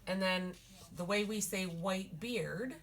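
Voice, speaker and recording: A woman's voice: medium pitch, slow, a bit bright. A woman teaching a language lesson, patiently repeating words syllable by syllable. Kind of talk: slow spoken language lesson.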